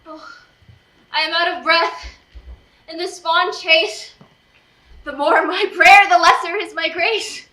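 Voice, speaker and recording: A lovesick young woman, played by an actress on stage, pleading and protesting in impassioned verse. Her voice is very high and bright. It echoes through a theater, heard from far off. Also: steady tone, slow pace, long pauses, heavily acted. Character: lovesick young woman, desperate and self-pitying. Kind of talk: live stage acting.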